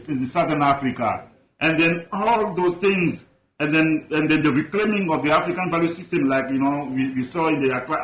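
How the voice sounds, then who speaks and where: A man's voice: fairly high pitch, fairly bright tone, roomy sound. A man from Ivory Coast, a guest expert in an interview, talking passionately with emphatic rhetorical questions. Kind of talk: animated interview talk.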